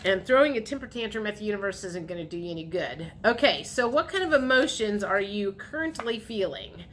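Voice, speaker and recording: A woman's voice: medium pitch, lively intonation, brisk, a bit bright, a little hiss or hum. A woman giving a casual tarot reading to her viewers, chatty and repetitive, sometimes acting out what the listener might say. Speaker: tarot reader.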